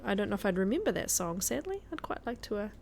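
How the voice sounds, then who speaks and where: A woman's voice: mid-range voice, sing-song, fast talker, gravelly, darkish tone, slight background noise. A woman chatting casually as a guest streamer while she plays a survival game, laughing often. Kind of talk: casual gameplay commentary.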